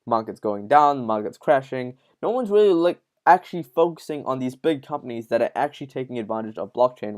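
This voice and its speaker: A man's voice: mid-range voice, darkish tone. Casual male crypto news host. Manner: informal, addresses viewers as guys, many fillers.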